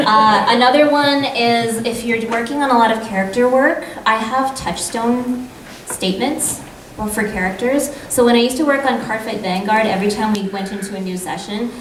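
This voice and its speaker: A chatty woman voice actor fields audience questions on a convention panel. She is heard from a distance in a large, echoey hall. Steady crowd noise fills the background. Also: fairly high pitch, moderate pace.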